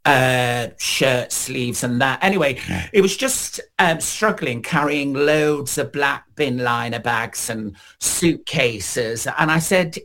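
Middle-aged male interviewee, gravelly, slow, rambling raconteur. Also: medium pitch. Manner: slow, rambling, many fillers, animated when quoting others. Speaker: interviewee, singer. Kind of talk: casual interview storytelling.

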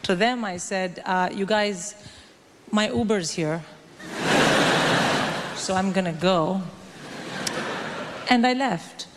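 A woman in her forties doing a stand-up comedy set, brash and animated, acting out the people she quotes. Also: medium pitch, takes it slowly, long pauses. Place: comedy stage before a live audience. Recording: stage mic in a reverberant hall with audience noise.

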